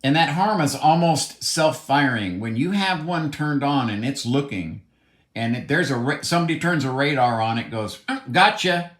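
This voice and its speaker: A man's voice: mid-range voice, expressive, normal speed. Blunt, heated man in a roomy space. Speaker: commentator. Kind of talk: opinionated monologue. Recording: roomy echo.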